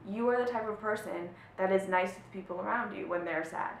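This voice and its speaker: A woman's voice: fairly quick, creaky. A woman spiritual life coach teaching to camera in an emphatic, motivational way, often checking in with her listeners. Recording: echoey room with faint low rumble.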